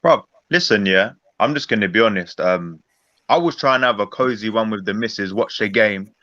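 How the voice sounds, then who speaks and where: A man's voice: fairly low pitch, moderate pace, pushed and bright, no echo. A man giving an angry, rambling post-match reaction on a football chat stream. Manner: fuming, rambling, emphatic. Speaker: Arsenal fan panelist. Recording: dull lo-fi call audio.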